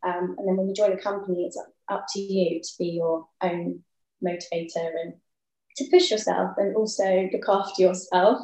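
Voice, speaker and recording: A woman's voice: lowish voice, steady tone, normal speed. Young lady chatting about dance, lots of ums, echoey room. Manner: thoughtful, with many ums and soft laughs. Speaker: guest, ballet dancer. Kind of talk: casual interview chat.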